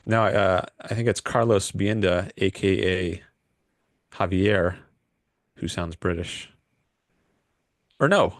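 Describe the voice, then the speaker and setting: A man's voice: sits low, slow, long pauses, no echo, studio quality. A man hosting a call-in livestream, rambling and hesitant with lots of fillers. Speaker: livestream host taking calls. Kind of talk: casual livestream chat.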